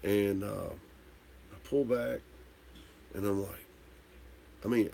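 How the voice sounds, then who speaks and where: Gravelly tipsy man rambling a story. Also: lowish voice, steady tone, takes it slowly, long pauses, mellow, slight background noise. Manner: rambling, candid, swears casually. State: tipsy from drinking. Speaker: livestream host answering viewer comments. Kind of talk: casual storytelling chat.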